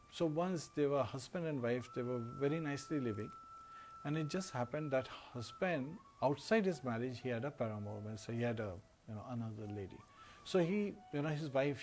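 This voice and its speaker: A man giving a devotional discourse, telling a story in a relaxed way with frequent "uh" and "you know" fillers. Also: mid-range voice, a little hiss or hum. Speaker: devotional speaker. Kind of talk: storytelling sermon.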